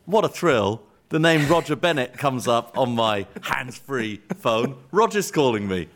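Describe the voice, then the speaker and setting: A man co-hosting a casual football podcast, telling animated, teasing stories. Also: medium pitch, normal speed, hardly any pauses. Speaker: podcast co-host.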